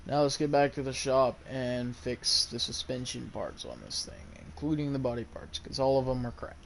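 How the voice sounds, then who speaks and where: Hoarse, gravelly young guy in a shop. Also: medium pitch, animated, normal speed, a little hiss or hum. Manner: blunt, offhand, mildly swearing. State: hoarse from a sore throat. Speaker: vlogger. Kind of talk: casual running commentary. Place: car repair shop.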